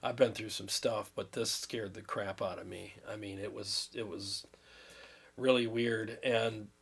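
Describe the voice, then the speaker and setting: A man's voice: on the low side, fairly even intonation, unhurried, creaky, breathy edge. A man in his fifties chatting on a livestream, earnest and rambling, at times emotional as he thanks viewers. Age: 50s. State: recovering from illness, drained. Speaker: livestream host. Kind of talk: casual livestream chat.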